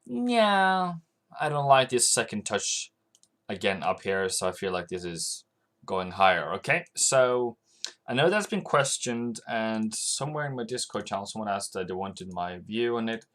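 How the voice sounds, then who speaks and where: A Norwegian man hosts a live forex trading stream, rambling loosely to his chat as he works through charts and comments on the market. His lowish voice has lively intonation, a moderate pace and a slightly bright tone.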